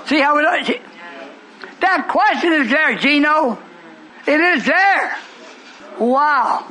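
A man preaching a sermon in a church, fervent, breaking into shouts and teasing the congregation. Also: very high-pitched, expressive, slow, pauses often, a little hiss or hum, rough recording.

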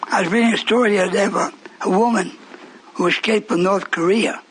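A man preaching a sermon with passion, swinging from shouts down to whispers and rhetorical questions. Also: sits high, fairly even intonation, fast talker, slight background noise, rough recording.

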